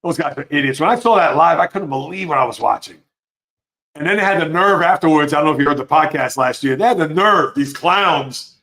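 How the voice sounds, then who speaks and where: A man hosting a live sports talk stream, reading chat comments and giving opinionated, animated reactions. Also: fairly high pitch, fairly quick. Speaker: sports show host.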